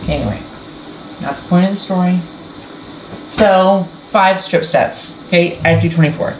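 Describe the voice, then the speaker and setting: A woman's voice: fairly low pitch, normal speed. A woman hosting a sewing channel, chatting casually and rambling as she shows her quilting project. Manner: rambling, self-interrupting, chatty. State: tearful, emotional. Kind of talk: casual sewing vlog chat. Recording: echoey room with faint background noise.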